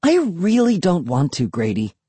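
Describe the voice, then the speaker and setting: A man's voice: medium pitch, very animated, normal speed, dark tone, breathy edge, no echo. A man voicing a reluctant teenage girl who whines and complains in a storybook reading. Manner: whining, complaining.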